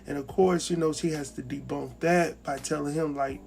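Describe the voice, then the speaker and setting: A man's voice: a little high, moderate pace, gravelly, soft background music. Chatty man recapping a TV episode. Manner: chatty, animated, acts out characters' lines. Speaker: TV recap host. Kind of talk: casual recap commentary.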